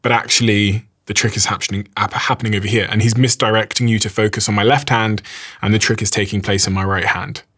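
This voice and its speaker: A man's voice: fairly low pitch, little pitch movement, fast, a bit bright. A man in his thirties hosting a podcast, musing thoughtfully and restarting his phrases. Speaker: podcast host. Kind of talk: reflective interview conversation.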